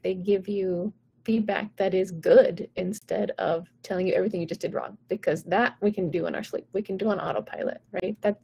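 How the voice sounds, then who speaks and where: On a live stream, a woman vocal coach chats encouragingly with her viewers, peppering her talk with "like" and "right?". Her medium-pitched voice is husky and mellow, with some vocal fry at the ends of phrases.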